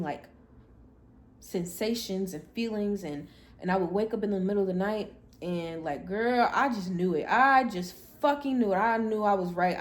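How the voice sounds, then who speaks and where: Blunt, expressive woman podcast host. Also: mid-range voice, slight background noise. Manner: blunt, expressive, animated when quoting herself. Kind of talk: candid personal storytelling.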